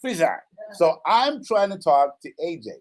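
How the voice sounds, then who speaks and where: A man's voice: sits high, normal speed. A man in his fifties hosting a casual show, telling a story with acted-out quotes and frequent "right?" checks. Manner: animated storyteller, acts out quotes, says "right?" often. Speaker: host.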